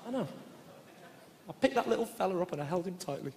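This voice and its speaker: High, lively male stand-up comic. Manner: quick banter with the audience and frequent tag questions. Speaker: stand-up comedian. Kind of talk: live stand-up comedy. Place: theatre stage before a live audience. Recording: echoey theatre with audience noise.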